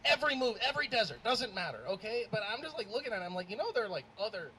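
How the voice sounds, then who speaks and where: A man doing a stand-up comedy set on a club stage, rambling and animated with lots of fillers. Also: high voice, racing. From Arab American. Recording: live club mic with faint crowd noise.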